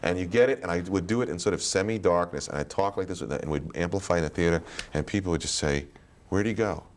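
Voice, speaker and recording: A man being interviewed as a guest actor, telling stories in a casual, animated way and slipping into other voices. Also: low-pitched, fast. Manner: animated storytelling, slips into voices.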